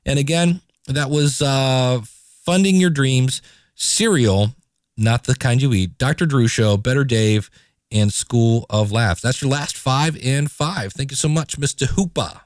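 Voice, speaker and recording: A man's voice: mid-range voice, a little slow, no room sound. Chatty male podcast host, dry sound. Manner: chatty, animated, playful asides. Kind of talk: casual solo podcast talk.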